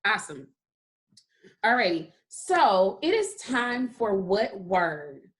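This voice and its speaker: A kindergarten teacher gives young children a phonics lesson, speaking slowly and encouragingly while stretching out word sounds. Her voice is medium-pitched with big pitch swings.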